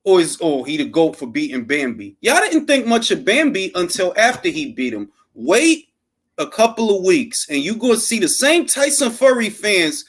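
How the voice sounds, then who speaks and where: A man's voice: high voice, normal speed, slightly rough. A man hosting a late-night boxing talk show, rambling casually with lots of slang and swearing. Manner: animated, rambling and profane, full of fillers and slang. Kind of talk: casual unscripted commentary.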